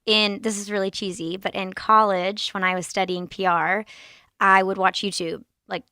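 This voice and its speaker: A young woman with a bright, clear voice tells stories with animated energy, acting out quoted lines. The sound is dry and close to the mic. She is chatting as a podcast guest. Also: medium pitch, normal speed, dry recording. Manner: animated, quoting others in lively voices. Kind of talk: casual chat, storytelling.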